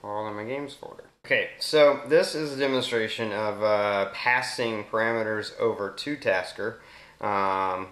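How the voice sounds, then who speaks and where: Southern man demoing a phone app, roomy sound. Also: on the low side. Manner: relaxed, explanatory, speaks voice commands slowly to the phone. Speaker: app demonstrator. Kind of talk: casual screen demo narration. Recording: roomy echo.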